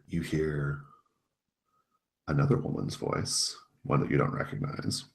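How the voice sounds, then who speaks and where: A man narrating as game master in a relaxed, chatty way. His voice is very deep. He leans on filler words as he describes the scene. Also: unhurried. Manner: casual, many filler words.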